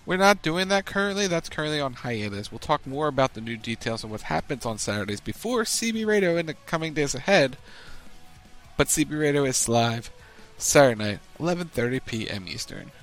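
A man's voice: on the high side, big pitch swings, brisk, fairly bright tone, faint music behind. A man producing and co-hosting a wrestling radio show, reading out schedules and links in a matter-of-fact way. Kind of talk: casual wrestling radio banter.

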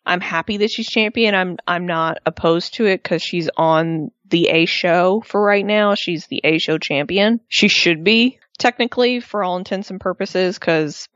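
A woman co-hosting a casual wrestling recap, expressive and acting out quotes in high voices. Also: normal speed, few pauses, no echo, dull audio. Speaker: podcast co-host.

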